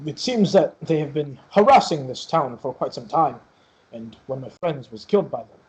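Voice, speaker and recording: A man's voice: fairly high pitch, animated, moderate pace, darkish tone, close to an everyday voice, low-quality recording. A man voicing a stern, dutiful male guard captain in a tabletop game, speaking in a formal, solemn way.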